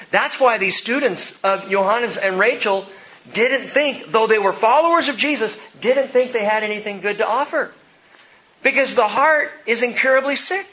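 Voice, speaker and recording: A middle-aged male pastor preaching a sermon, swinging between hushed and emphatic delivery. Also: high-pitched, muffled recording.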